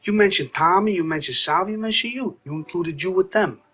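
A brooding, jealous older brother presses his questions slowly and quietly. His low voice carries a simmering menace. Tense film-scene dialogue. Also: slightly rough. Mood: suspicious. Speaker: film character.

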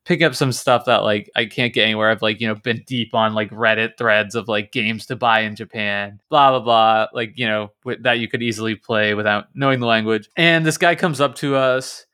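Young guy from kansas, rambly podcast chat, lots of ums and likes, fast. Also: on the low side, steady tone, bright, forceful tone, clean tone. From Kansas, United States. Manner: chatty storyteller, lots of fillers and restarts. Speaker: podcast co-host.

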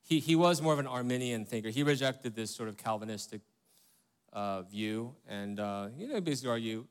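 A man's voice: medium pitch, a little fast, clear, resonant tone. A man preaching a sermon as pastor, talking in a conversational way and asking rhetorical questions, often checking in with "right?" and "okay?".

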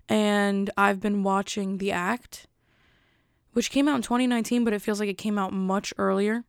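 Gravelly young woman rambling to camera. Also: mid-range voice, flat delivery, normal speed, no echo, clean studio sound. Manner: rambling, self-interrupting, chatty. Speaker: vlogger. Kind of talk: casual rambling chat to camera.

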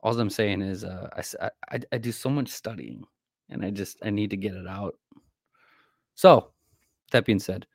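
A man co-hosting a podcast, rambling in a halting way with lots of fillers about faith. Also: fairly low pitch, vocal fry, dry recording, studio quality. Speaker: podcast co-host. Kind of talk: casual faith talk.

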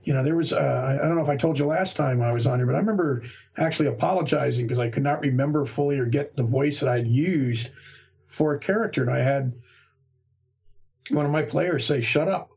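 A man's voice: medium pitch, a little fast, gravelly, a little mellow, slightly rough. A man who is a guest game master, chatting casually on a podcast and telling rambling anecdotes. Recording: dull lo-fi remote audio.

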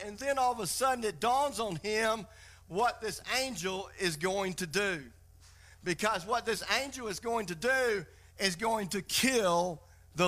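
Bright-voiced storytelling male pastor. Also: high voice. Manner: storytelling, emphatic with frequent restarts. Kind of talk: sermon.

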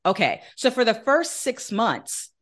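A woman guest on an interview podcast, telling a personal faith story in an earnest, animated way and acting out the voices she quotes. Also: fairly high pitch, a little slow. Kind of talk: conversational testimony in an interview.

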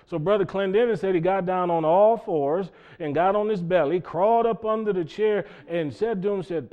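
A man's voice: sits high, normal speed, few pauses. A man preaching a sermon, telling a story in a folksy way and repeating "he said" as he quotes people. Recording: dull lo-fi recording.

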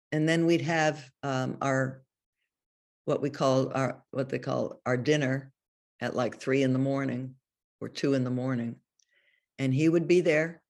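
A woman's voice: rumbling low, a little mellow. An older woman, a guest in an interview, telling chatty anecdotes and laughing often as she goes. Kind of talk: casual anecdotal storytelling.

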